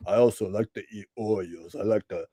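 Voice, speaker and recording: A man doing a low, mumbling stoner dude. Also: dark tone, breathy edge, no echo. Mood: mellow. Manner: slow, hesitant, rambling. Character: laid-back mumbling middle-aged male stoner.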